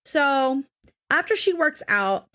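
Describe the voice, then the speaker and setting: Young female podcast co-host with a higher voice, ranting casually and swearing freely. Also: lively intonation, takes it slowly, a bit bright. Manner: exasperated, profane ranting. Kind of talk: casual recap chat.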